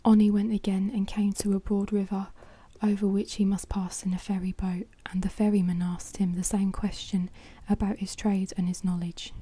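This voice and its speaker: A woman whispering a fairy tale close to the microphone as a whispered role-play, pausing to correct herself. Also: medium pitch, flat delivery, mellow, breathy edge, no echo. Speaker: ASMR storyteller.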